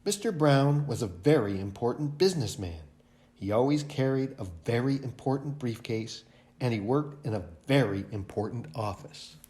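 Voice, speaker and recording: A man, a library director, reading a picture book aloud for a children's storytime in an expressive way. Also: mid-range voice, normal speed.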